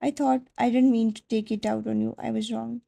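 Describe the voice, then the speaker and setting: A woman's voice: fairly high pitch, little pitch movement, fairly quick, gravelly, mellow. A woman voicing a short-tempered young husband, delivering his lines sharply and clipped, in a fan fiction story. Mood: remorseful.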